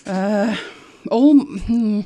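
A woman's voice: medium pitch, extremely slow, mellow. Chatty woman on a home live stream, laughs a lot, goes all sing-song for the dog. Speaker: vlogger. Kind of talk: casual live-stream chat.

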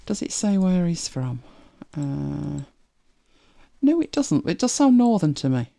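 A northern English streamer with a softened accent chats casually with viewers while reacting to videos, often laughing and thinking aloud. The voice is medium-pitched, gravelly, and very animated, yet unhurried.

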